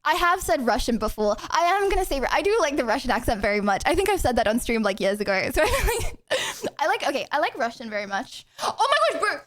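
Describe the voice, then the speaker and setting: A woman's voice: sits high, sing-song, fast, a bit bright. Giggly, rambling young woman streamer. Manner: giggly, rambling, lots of "like" and "bro". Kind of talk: casual chat answering chat questions.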